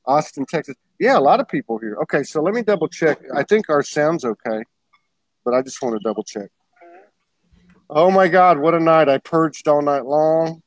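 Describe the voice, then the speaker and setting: A man's voice: a little high, expressive, normal speed, no echo, low-quality recording. A man hosting a casual livestream chat over a video call, talking in a rambling way and laughing often. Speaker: host.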